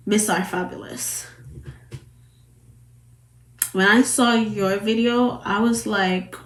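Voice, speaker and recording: A Jamaican woman talking casually to camera as a vlogger, chatty and rambling, circling back over her points. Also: medium pitch. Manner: chatty, rambling, repeats herself. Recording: roomy echo.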